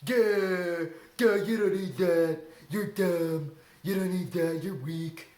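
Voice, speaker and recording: A man's voice: high voice, slow, voice pushed up. A man putting on the taunting voice of a mocking inner critic. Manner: mocking, loud. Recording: echoey room, faint hiss.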